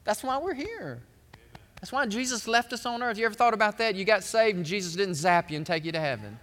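A middle-aged man preaching a sermon as pastor, telling folksy stories with big swings in his voice. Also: fairly quick. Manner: animated, folksy storytelling with big swings up in pitch. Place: large church hall. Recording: long hall reverb.

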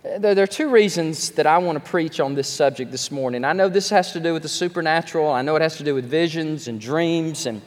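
Animated pastor in a big echoing sanctuary. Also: male voice, on the high side, a little fast, few pauses. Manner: animated storytelling, self-deprecating asides. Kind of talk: sermon. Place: large church sanctuary. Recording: long reverb of a large hall.

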